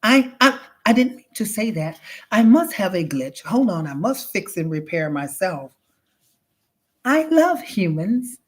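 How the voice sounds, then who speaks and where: A woman's voice: mid-range voice, sing-song, a little slow, voice pushed up. A woman voicing a glitching female robot that stammers and repeats words as it breaks down. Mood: sinister glitching.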